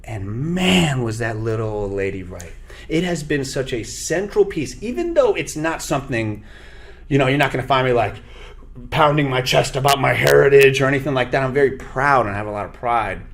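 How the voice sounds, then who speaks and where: A man whose first language is Spanish talks as an interview guest, his pitch swinging widely as he tells his stories. He slips into other voices as he goes, in an animated, easygoing way. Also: normal speed, creaky. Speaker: actor and radio host, guest. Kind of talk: interview storytelling.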